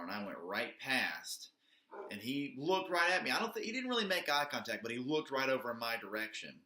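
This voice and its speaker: A man's voice: mid-range voice, pushed and bright. A man casually telling a personal story, rambling with lots of "like" and some swearing. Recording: echoey room.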